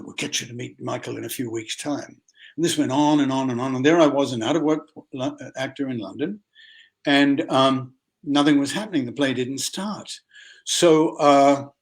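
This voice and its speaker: An older man with an Australian accent, an actor telling stories in an interview, animated and full of ums. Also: mid-range voice. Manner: animated raconteur, acts out quotes, many fillers. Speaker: actor guest. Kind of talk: anecdotal interview storytelling.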